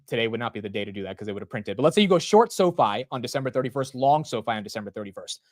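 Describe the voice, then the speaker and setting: A man in his twenties hosting a casual live market stream, rambling and excitable, often saying bro and dude. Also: mid-range voice, racing, no echo. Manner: rambling with frequent restarts. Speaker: stock market livestream host.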